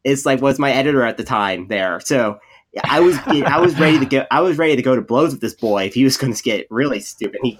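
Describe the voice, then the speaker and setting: Male podcast co-host, everyday mid voice, animated rambling storyteller. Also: mid-range voice, fast talker, background noise. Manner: rambling, many restarts and repeated words; animated storyteller, acts out quoted people. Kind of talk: casual podcast chat.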